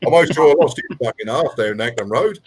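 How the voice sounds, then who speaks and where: A man swears freely as he spins a casual story on a video call. His pitch rises and falls a lot as he talks. There's a faint hiss behind him. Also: animated, a little fast, darkish tone. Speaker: guest host of an online hangout. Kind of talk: casual profane chat.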